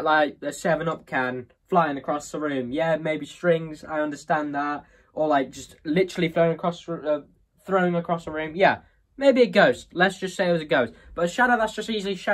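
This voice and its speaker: A speaker giving casual, rambling and scoffing commentary while reacting to a video. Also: mid-range voice.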